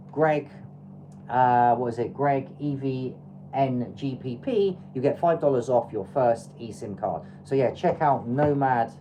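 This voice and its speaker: An English woman with an unusually deep, low voice chats her way through a travel livestream. She hands out tips in a loose, rambling style with plenty of ums. Her tone is mellow and soft-edged. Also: a little hiss or hum, rough recording. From England. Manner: chatty, advice-giving, loose with fillers. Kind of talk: casual livestream chat.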